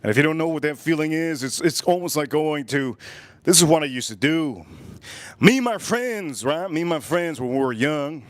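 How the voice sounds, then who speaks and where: A middle-aged man chats casually to his livestream viewers, looping back over the same phrases as he goes. His voice sits a little on the high side. The sound is dry, with no room echo. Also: animated, moderate pace. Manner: rambling, repeats phrases, addresses viewers directly. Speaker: livestream host. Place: at home.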